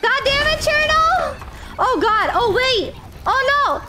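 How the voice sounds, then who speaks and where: A woman's voice: very high-pitched, expressive, takes it slowly, pushed and bright, faint music behind. A woman streaming a game, chatting casually and emotionally thanking her viewers, close to tears. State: tearful. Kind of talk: casual live-stream chat while gaming.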